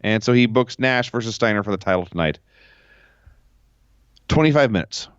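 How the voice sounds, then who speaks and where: A man's voice: fairly low pitch, normal speed, clear, resonant tone, no room sound. Sarcastic man on a dull home mic. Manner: sarcastic, deadpan recapping. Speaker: podcast co-host. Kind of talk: casual chat.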